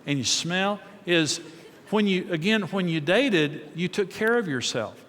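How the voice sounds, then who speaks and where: A middle-aged man speaks to a live audience about marriage, in a relaxed, conversational teaching manner full of anecdotes and repeated words. His voice sits a bit high for a man. The sound carries a long reverb from a large hall. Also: unhurried.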